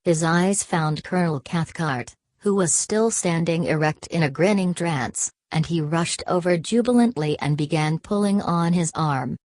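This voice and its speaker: Female audiobook narrator, low and steady, dry booth sound. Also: unhurried, hardly any pauses, no echo.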